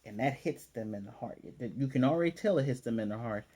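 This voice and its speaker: Mellow-voiced man recapping an anime. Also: medium pitch, quick pace, slight background noise. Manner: animated retelling, acting out characters' lines. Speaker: anime reviewer. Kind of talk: casual recap and commentary.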